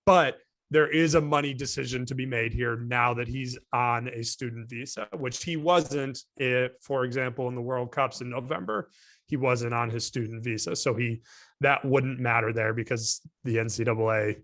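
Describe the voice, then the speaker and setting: A man's voice: mid-range voice, normal speed, fairly bright tone, no echo, clean studio sound. Male co-host, mid-range voice, talks in loose rambling thoughts. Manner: rambling, thinking aloud with restarts. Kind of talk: casual panel discussion.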